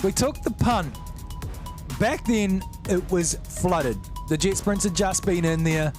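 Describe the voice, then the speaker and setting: Brief: high-voiced Kiwi man, live drift caller, gets loud and fast on the action, music bed behind. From New Zealand. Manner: excitable, rising into near-shouted calls. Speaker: sim-racing commentator.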